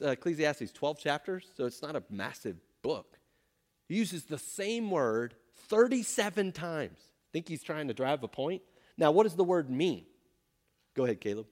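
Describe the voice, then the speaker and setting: Give me a man leading a Bible lesson, emphatic, with a slightly high voice. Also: darkish tone. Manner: emphatic, asks the group questions. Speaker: pastor or Bible teacher. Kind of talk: interactive Bible teaching.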